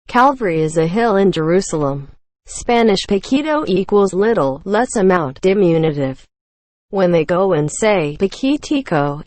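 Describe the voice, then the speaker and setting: Female narrator for read-aloud forum posts: mid-pitched, even delivery, dry close sound. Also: no room sound. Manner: reads short comments one after another in a plain, even delivery. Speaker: narrator reading online comments. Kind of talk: scripted reading of forum posts.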